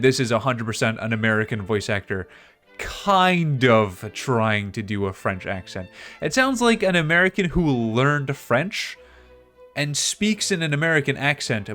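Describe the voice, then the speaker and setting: A man's voice: mid-range voice, a bit bright. A male streamer chatting casually and rambling through game commentary, often laughing at himself. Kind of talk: casual let's-play commentary.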